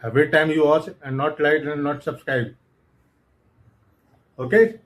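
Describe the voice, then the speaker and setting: A young man with an Indian accent talking casually to camera, speaking in halting English and often correcting himself. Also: a little high, low-quality recording. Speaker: vlogger. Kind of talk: casual vlog talk to camera.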